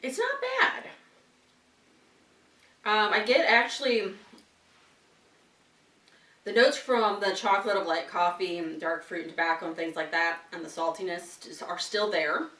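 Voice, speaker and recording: A chatty woman hosting a casual tasting vlog, talking through bites and laughing easily. Her voice sits a little low. The sound is roomy and picked up from some distance away. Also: moderate pace, fairly bright tone. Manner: chatty, talks while chewing, frequent laughs. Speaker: wine and chocolate tasting host.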